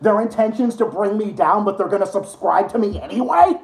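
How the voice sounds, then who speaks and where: A man's voice: high voice, quick pace, vocal fry, few pauses, a little mellow. A man hosting a live stream, ranting to his chat with heavy swearing and sarcasm. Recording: roomy echo.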